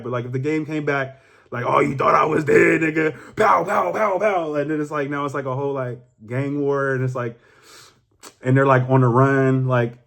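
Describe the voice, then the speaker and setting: Profane, rambling young man vlogging. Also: mid-range voice. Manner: animated, rambling, profane, heavy filler. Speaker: YouTuber. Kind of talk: casual vlog monologue.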